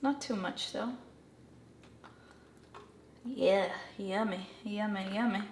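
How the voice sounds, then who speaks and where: A woman's voice: medium pitch, slow, a little hiss or hum. A young woman vlogging casually while she cooks at home, chatty and rambling, with self-deprecating asides. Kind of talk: casual cooking vlog. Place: home kitchen. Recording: echoey kitchen with loud frying sizzle. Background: food sizzling and stirring.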